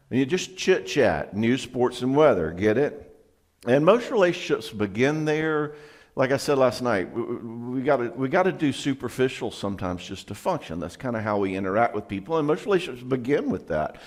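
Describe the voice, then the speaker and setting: Male psychologist, folksy joking seminar delivery, acts out quotes. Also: medium pitch. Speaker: psychologist and marriage speaker. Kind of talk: humorous seminar talk. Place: meeting hall, to a live audience.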